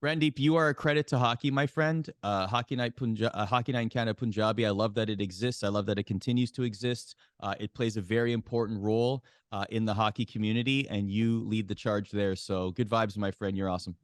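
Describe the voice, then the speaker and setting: A man telling a long anecdote as a guest on an interview show, animated and jumping his voice up high for quoted lines. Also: quick pace, hardly any pauses, no echo, clean studio sound. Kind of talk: storytelling in interview.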